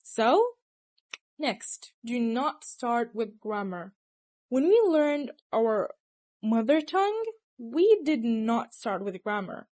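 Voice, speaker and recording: A woman's voice: fairly high pitch, big pitch swings, slow, darkish tone. Chatty young woman giving study tips. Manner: chatty, teasing, laughs often. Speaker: language tips presenter. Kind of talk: casual advice to camera.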